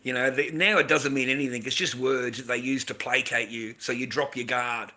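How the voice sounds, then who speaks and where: A man's voice: mid-range voice, steady tone, a little fast, sharp tone. A middle-aged Australian man ranting casually to his viewers, rambling and lecturing with constant swearing.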